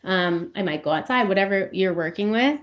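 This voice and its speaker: A woman's voice: mid-range voice, expressive, a little fast. A woman, a perinatal mental health specialist, explaining ideas at length as a podcast guest, thoughtful and peppered with fillers. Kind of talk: explanatory interview talk.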